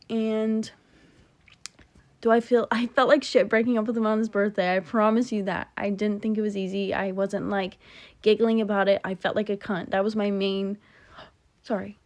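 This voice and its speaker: A woman's voice: medium pitch, a little mellow. A young woman casually telling a long, rambling breakup story, talking emphatically and cutting herself off. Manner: rambling, emphatic, self-interrupting. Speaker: TikTok storyteller.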